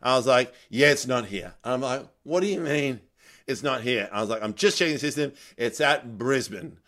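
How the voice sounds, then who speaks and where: A man's voice: medium pitch, normal speed. A man, a comedian, telling a long anecdote in a casual chat, laughing as he goes. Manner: animated anecdote teller, laughs mid-story. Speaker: stand-up comedian. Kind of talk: casual podcast chat, storytelling.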